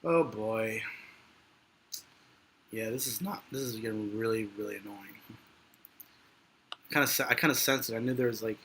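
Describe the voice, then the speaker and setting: A man's voice: fairly low pitch, normal speed, pauses often, a bit bright, a little hiss or hum. A man giving live stock market commentary in a rambling, frustrated, joking way.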